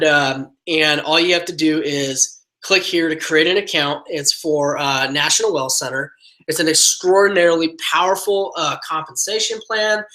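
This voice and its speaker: Bright-voiced energetic male trainer. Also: on the high side, low-quality recording. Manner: energetic motivational coaching, many fillers. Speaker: team trainer. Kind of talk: live online training webinar.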